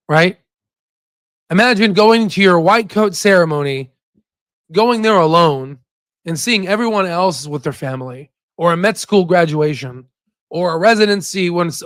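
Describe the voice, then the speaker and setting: A man's voice: fairly high pitch, normal speed, fairly bright tone, no echo. A young man, the host of an investing channel, tells a candid personal story to camera. He is choked up and close to tears, and he rambles and halts with many restarts.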